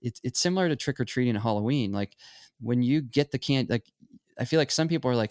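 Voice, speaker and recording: A man's voice: mid-range voice, lively intonation, brisk, a little mellow, no room sound, studio quality. A middle-aged man talking casually and reflectively as a photography teacher, rambling a little and acting out the voices he quotes. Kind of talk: casual conversation.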